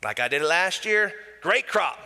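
A man's voice: sits high, animated, normal speed, pushed and bright, long reverb tail, exaggerated voice. A man putting on the voice of a lazy, boastful rural farmer who drawls carelessly during a sermon. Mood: carefree.

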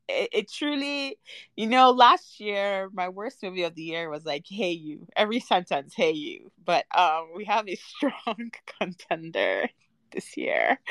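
Low-voiced woman panelist, dry and deadpan, casual review chat, dead room. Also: no echo. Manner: dry, unimpressed, hedging with ums. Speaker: podcast panelist.

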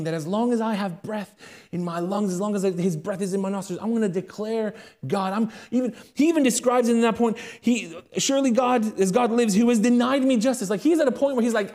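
A young British man delivers a sermon from the pulpit. His fairly high voice climbs into loud, urgent appeals, then sinks to hushed, rapid asides. He speaks with a pastor's conviction. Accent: British English. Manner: dynamic preaching, swings from loud and high to hushed and quick.

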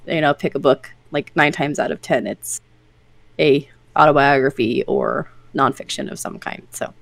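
A woman's voice: very deep voice, steady tone, normal speed, gravelly, no room sound. A woman co-hosting a podcast, chatting casually and rambling with lots of filler words. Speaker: podcast co-host. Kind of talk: casual chat.

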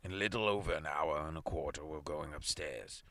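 A man reading aloud, voicing an aged, stern male astronomer in a gruff, hushed voice. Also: a bass voice, brisk, no echo, voice pushed down. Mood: grim.

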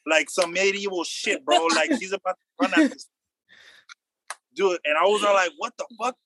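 A young man telling a wild story in loose, slangy casual chat, acting out the quotes loudly. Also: high voice, very animated, moderate pace, no room sound.

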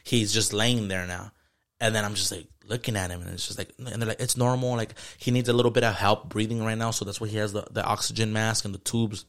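Fast-talking man swearing through a story. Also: lowish voice, steady tone, a bit bright. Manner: storytelling with heavy swearing and slang. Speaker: podcast co-host. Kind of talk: casual chat.

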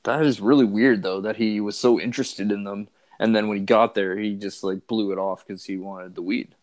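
Chill podcast guy, lowish voice, dry and easygoing. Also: steady tone, moderate pace. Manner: laid-back, wry, spins dark what-ifs. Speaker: podcast co-host. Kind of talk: casual chat.

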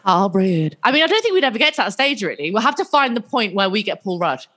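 A woman's voice: medium pitch, big pitch swings, quick pace, fairly bright tone. A woman chatting casually on a podcast, frank and bawdy, joking and slipping into silly quoted voices. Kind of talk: casual chat.

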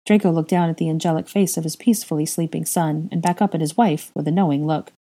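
A woman reading a fan fiction story aloud in a steady, measured narrating voice. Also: deep voice. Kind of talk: audiobook-style story reading.

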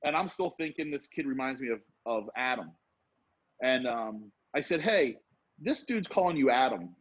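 Husky rambling storyteller man. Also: medium pitch, normal speed. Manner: rambling, animated, acts out quotes. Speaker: storyteller guest. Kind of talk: casual storytelling. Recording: dull lo-fi sound.

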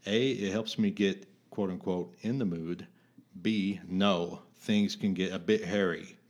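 A man's voice: low voice, fairly even intonation, measured pace, a little mellow. A man co-hosting a podcast, reading a magazine quiz aloud in a playful, joking way. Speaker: podcast co-host.

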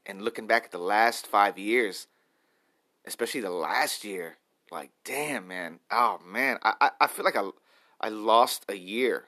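A man in his late thirties talking to camera in a rambling, self-reflective daily vlog, repeating himself as he thinks out loud. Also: fairly low pitch, measured pace. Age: 30s. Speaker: vlogger. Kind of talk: stream-of-consciousness daily vlog.

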